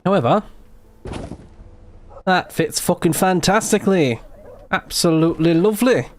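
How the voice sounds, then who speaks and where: An Australian man with a mild accent and a high, lively voice chats casually while building in a game on his livestream. He speaks at a measured pace, rambles, laughs easily and trails off mid-sentence, with slight background noise.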